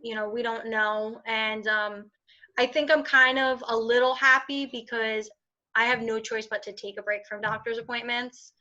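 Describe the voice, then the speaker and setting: A woman's voice: fairly high pitch, flat delivery, moderate pace, sharp tone. A woman in her twenties, a podcast guest, talking candidly with lots of fillers and restarts. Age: 20s. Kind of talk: casual interview conversation. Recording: dull lo-fi sound.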